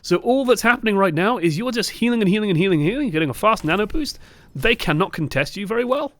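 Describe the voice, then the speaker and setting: A young man coaching over gameplay footage, moving from calm breakdowns to exasperated outbursts and swearing bluntly. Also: high-pitched, quick pace. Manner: swings from calm analysis to exasperated shouting. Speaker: game coach. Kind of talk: live-streamed gameplay review commentary.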